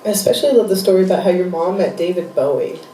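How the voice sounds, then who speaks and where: A woman with a low, mellow voice puts warm, admiring questions to her guest at an onstage interview. She is a little off the mic, and the room echoes around her. A faint venue hum runs beneath her. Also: expressive, rapid-fire, far from the mic.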